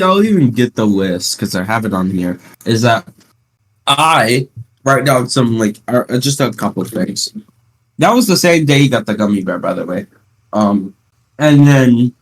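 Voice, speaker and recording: A teenage podcast host at home, chatting casually and rambling through stories with playful sarcasm. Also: male voice, mid-range voice. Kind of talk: casual chat.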